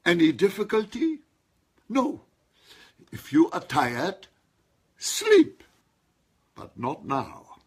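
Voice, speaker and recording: A man's voice: high-pitched, huge pitch swings, very slow, long pauses, breathy edge. A man preaching a sermon, stressing single words and calling on his listeners to respond. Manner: emphatic, calls on listeners to respond.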